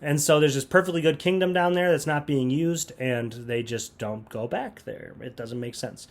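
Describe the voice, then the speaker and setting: Sarcastic grumpy dude doing a comedy movie rant, kinda rambly, voice a bit high. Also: male voice, moderate pace. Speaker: youth ministry comedy reviewer. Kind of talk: comedic movie review monologue.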